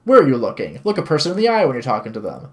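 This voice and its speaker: A man reading aloud as a stern, condescending older woman who scolds harshly and loudly. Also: mid-range voice, big pitch swings, fast talker, lightly acted. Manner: loud, barking, demanding.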